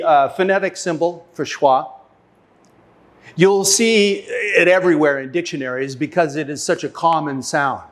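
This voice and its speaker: A man teaching an English lesson, speaking slowly and deliberately, repeating and sounding out example words. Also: fairly high pitch. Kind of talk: classroom lesson.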